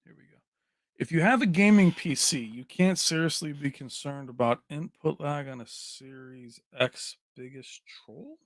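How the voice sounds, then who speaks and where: A man's voice: a little high, a little slow, dry recording, studio quality. A man hosting a casual livestream, reading out viewers' names and locations and joking with the chat. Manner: chatty, reads names and places aloud, jokey. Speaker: livestream host.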